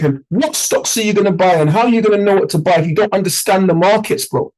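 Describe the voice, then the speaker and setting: Emphatic British man, slightly high voice. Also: quick pace, hardly any pauses, darkish tone, rough recording. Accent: British English. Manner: emphatic, conversational, keeps asking "yeah?". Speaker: trading mentor. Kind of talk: motivational talk to a group.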